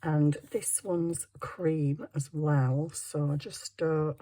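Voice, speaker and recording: A woman's voice: deep voice, steady tone, takes it slowly, dark tone. A woman talking through her papercraft in a rambling, self-mocking way as she works at her desk at home. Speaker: papercraft vlogger. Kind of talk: chatty crafting commentary.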